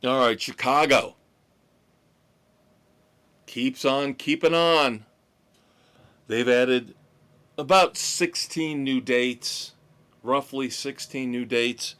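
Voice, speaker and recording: Man, rock podcast host, unhurried, chatty, opinionated. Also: medium pitch, fairly bright tone, smooth. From United States. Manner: chatty, opinionated, drawn-out delivery. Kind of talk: casual music news rundown.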